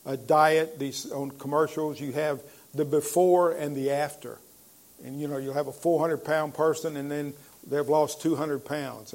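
A pastor delivering a sermon in a fairly high, gravelly voice. He preaches emphatically, pauses often on "uh", and slows right down when reading scripture aloud. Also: a little mellow.

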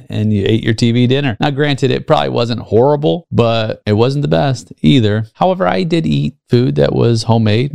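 A gravelly man in his fifties hosts a solo podcast and speaks earnestly, drawing on personal stories and asking his listeners rhetorical questions. His pitch sits in a middle range, and the recording is dry and close. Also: darkish tone, dry recording. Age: 50s. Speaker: podcast host. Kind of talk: solo leadership podcast monologue.

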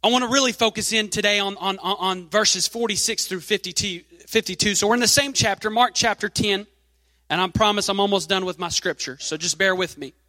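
A man's voice: high-pitched, a little fast, pushed and bright, no room sound, long reverb tail. A man preaching a sermon, reading scripture aloud and leaning hard on key phrases.

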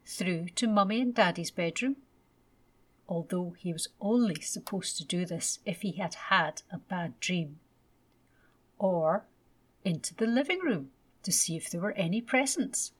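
A woman gently and expressively reading a children's bedtime story aloud. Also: fairly low pitch, lively intonation, unhurried, slightly rough.

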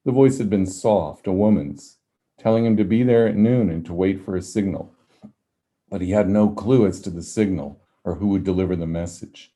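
Male author reading his novel aloud; low, dark, measured. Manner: steady, measured storytelling.

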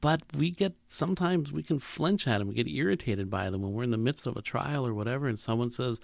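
A man's voice: medium pitch, expressive, quick pace, gravelly, few pauses, no echo. A man preaching a sermon in a reflective way, asking rhetorical questions and restarting his sentences often.

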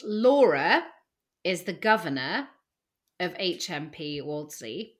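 A woman's voice: lowish voice, very animated, slow. A woman co-hosting a podcast in casual chat, chatty and self-deprecating. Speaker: podcast co-host.

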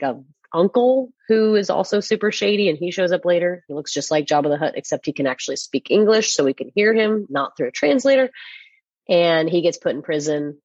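A woman's voice: on the low side, expressive, a little fast, darkish tone, no room sound, lo-fi sound. A woman co-hosting a casual movie podcast, rambling through a recap with lots of fillers. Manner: rambling, filler-heavy retelling. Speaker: podcast co-host. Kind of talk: casual chat.

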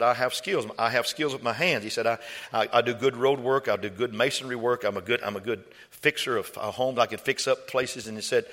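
A male preacher, delivering a sermon through stories. He repeats his words and swings from soft storytelling to loud, high exhortation. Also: big-room sound. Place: church.

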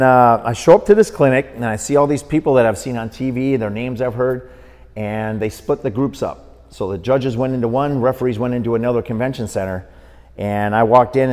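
With a mid-range voice at a fairly quick clip, a middle-aged Wisconsin boxing referee tells a long interview story as a podcast guest. He's a lively narrator who acts out whoever he quotes, and the recording carries a long reverb tail.

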